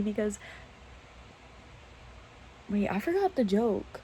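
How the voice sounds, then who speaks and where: A woman's voice: mid-range voice, unhurried, long pauses, mellow, slight background noise, low-quality recording. Rambling young woman on her phone. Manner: rambling, self-mocking, giggly. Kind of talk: casual late-night chat to phone camera. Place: bedroom at night. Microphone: phone camera.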